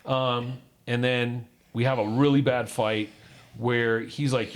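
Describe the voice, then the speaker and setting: Man, candid storyteller, mid-pitch, voices quotes, sinks low on painful memories. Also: little pitch movement, takes it slowly. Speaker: guest. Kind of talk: personal storytelling.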